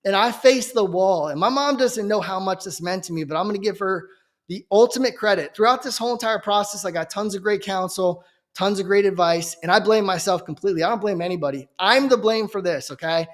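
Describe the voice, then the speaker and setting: Man, high voice, earnest preacher, personal testimony, fervent, keeps asking "okay?". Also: a little fast. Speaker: Christian preacher giving his testimony.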